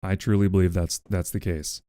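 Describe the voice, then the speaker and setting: A man's voice: low-pitched, level tone, fairly quick, mellow, clean tone, no room sound, studio quality. A man casually chatting with his stream audience, rambling and wry, swearing freely and talking to his pet. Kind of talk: casual livestream chat with a co-working audience.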